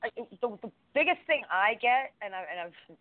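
A woman's voice: fairly high pitch, expressive, moderate pace, heavy background noise. A woman co-hosting a radio talk show, blunt and profane, rambling and laughing. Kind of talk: casual radio chat. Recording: tinny phone-line audio.

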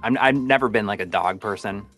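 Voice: low-pitched, brisk, fairly bright tone, soft background music. A co-host of a live stream chatting casually, hesitant and full of fillers, also reading out donations.

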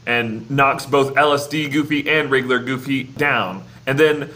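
A man's voice: mid-range voice, normal speed, sharp tone. A man co-hosting a podcast in casual chat, laughing often and swearing freely. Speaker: podcast co-host.

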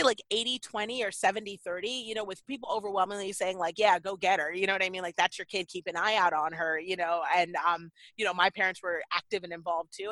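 A middle-aged woman, a guest in an interview, talking casually in an animated, self-deprecating way with many fillers. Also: medium pitch, no echo, rough recording.

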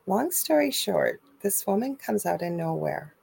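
Gravelly woman telling a story with feeling. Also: medium pitch, a little slow, dry recording. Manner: emotional storytelling, animated. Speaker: co-host. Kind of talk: live call-in chat.

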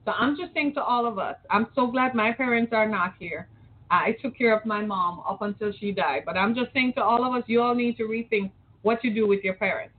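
A woman's voice: fairly high pitch, brisk. A middle-aged woman host from the Detroit area, giving an impassioned opinion monologue full of rhetorical questions. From Metro Detroit, Michigan. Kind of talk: opinion talk show monologue. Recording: tinny phone-like audio.

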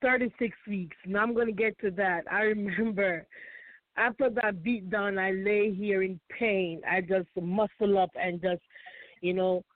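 A woman sharing a painful personal testimony as a guest, halting and repeating her phrases. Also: mid-range voice, steady tone, no room sound. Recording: tinny phone line, faint music.

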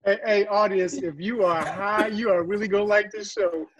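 A man cohosting a casual podcast chat, teasing and quick, laughing as he talks. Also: sits high, steady tone, fairly bright tone, slight background noise, rough recording.

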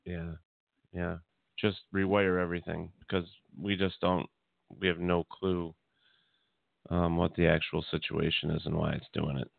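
A man's voice: low voice, flat delivery, moderate pace, vocal fry, no room sound. A man with a mid-range voice hosts a casual radio show and talks in an easygoing, rambling way. The sound is dry and narrow, like a phone line. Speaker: radio host. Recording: tinny phone-like audio.

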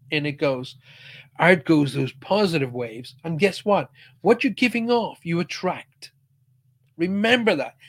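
Emphatic man, slightly high voice. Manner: emphatic, checks in with "okay?". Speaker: spiritual speaker. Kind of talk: motivational talk to viewers.

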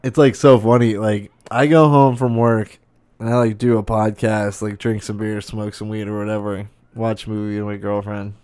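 A man's voice: lowish voice, little pitch movement, moderate pace, a little mellow, smooth, no echo. A man hosting a podcast, ranting in a casual monologue, swearing a lot and sounding incredulous. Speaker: podcast host.

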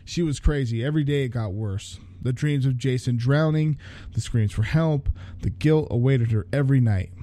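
Dark-voiced man reading with sarcastic asides. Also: medium pitch, moderate pace. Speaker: reader. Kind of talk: reading fan fiction aloud with joking commentary.

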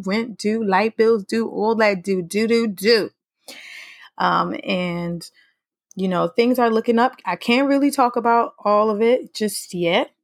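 A woman in her thirties hosting her own podcast, talking in a casual, playful, fast and slangy way. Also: medium pitch, no echo, studio quality. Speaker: podcast host. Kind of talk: casual solo podcast chat.

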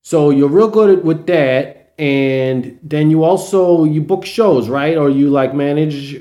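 A man's voice: on the high side, slow, mellow. A male podcast host in a casual, rambling conversation. He swears freely, laughs easily and keeps things loose and unpolished. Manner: loose and profane, laughing often. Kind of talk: casual chat.

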